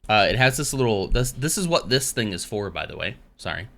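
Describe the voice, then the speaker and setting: A man's voice: fairly low pitch, very animated, fairly quick, vocal fry, sharp tone. A man hosting a casual live stream, rambling along between dad jokes. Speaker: livestream host.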